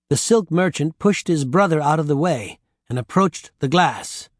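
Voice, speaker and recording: A man narrating an audiobook with lively storytelling on a close studio mic. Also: fairly high pitch, moderate pace, no room sound.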